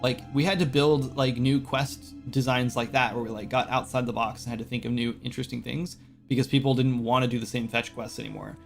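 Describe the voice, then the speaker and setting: A man's voice: medium pitch, fairly even intonation, brisk, creaky, faint music behind. A man hosting a casual game-development live stream, rambling with lots of "like" and "right?" fillers. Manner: quotes game characters in brief voices.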